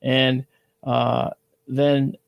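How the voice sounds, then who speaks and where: A man with a gravelly edge to his voice talks through a science topic at an easygoing pace. He keeps checking in with his listeners and reaches for everyday analogies. The sound is close and dry. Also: mid-range voice, level tone, extremely slow, dry recording. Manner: explains with analogies, frequent "all right?" check-ins. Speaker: astronomy show host. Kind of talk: casual educational talk.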